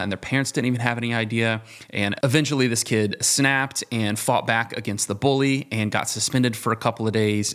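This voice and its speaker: A man who works as a youth small-group leader, sharing a steady, encouraging story with a few fillers. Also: lowish voice. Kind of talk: encouraging testimony.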